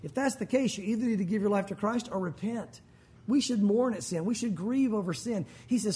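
Male pastor with a very high, husky voice, preaching in a chatty, joking style. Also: a little fast, warm tone. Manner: conversational, joking asides. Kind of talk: sermon.

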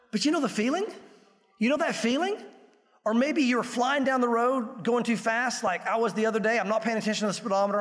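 A pastor preaches in an animated way, playing out small scenes as he goes. His voice sits high for a man, and it rings with the long reverb of a large hall. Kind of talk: sermon.

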